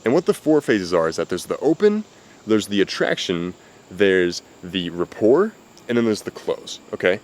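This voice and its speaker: A man's voice: low voice, very animated, moderate pace, a little mellow. A man giving blunt, profane dating advice in casual talk to camera, outdoors. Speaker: dating coach. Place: outdoors with cicadas. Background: faint cicadas.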